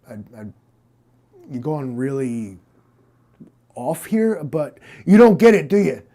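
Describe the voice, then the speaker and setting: A man doing a gravelly cyborg detective. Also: high-pitched, dark tone. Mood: lecturing. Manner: repeats the listener's name, drawling and rambling. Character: deadpan male cyborg detective, gruff, cocky, paranoid. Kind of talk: improvised comedy interrogation.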